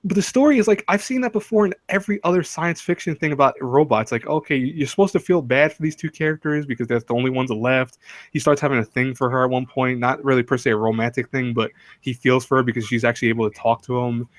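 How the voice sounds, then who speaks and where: A man's voice: medium pitch, fast, no room sound. A young man hosting a casual live stream, rambling and joking with many restarts. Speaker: stream host.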